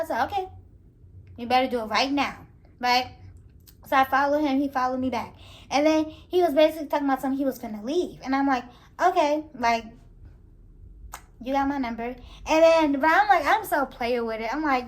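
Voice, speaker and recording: Young female vlogger, high-pitched, animated casual storyteller. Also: brisk. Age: young adult. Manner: animated, laughing, slangy storytelling.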